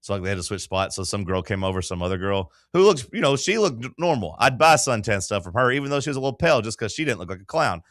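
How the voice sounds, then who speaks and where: A man hosts a sports talk radio show, chatting loosely and rambling through a story. His voice sits low and sounds close and dry, with no room in it. He acts out the people he quotes along the way. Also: big pitch swings, quick pace, hardly any pauses, a bit bright, no echo. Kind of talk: casual chat.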